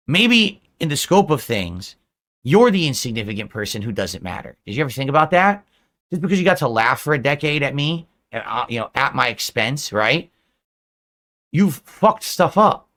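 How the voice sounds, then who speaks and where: A man's voice: fairly high pitch, fairly bright tone. A man streaming, delivering a self-pitying, lecturing monologue to his viewers.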